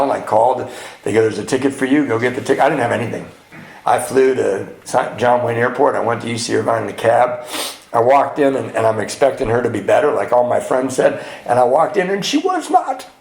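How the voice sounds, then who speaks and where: At a men's retreat, a man with a creaky, mid-range voice tells a candid story of his recovery, acting out what the people in it said. The hall gives the recording a roomy echo.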